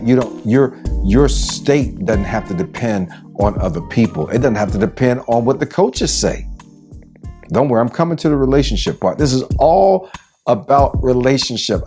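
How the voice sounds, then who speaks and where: Man preaching self-acceptance over soft music. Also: mid-range voice, animated, moderate pace. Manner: preachy, repetitive questions, casual slang. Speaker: relationship coach. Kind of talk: motivational talk to camera. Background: faint background music.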